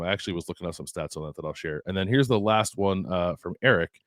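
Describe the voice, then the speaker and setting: Relaxed low-voiced podcast co-host. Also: male voice, fast, no echo. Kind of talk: sports podcast chat, reading listener texts.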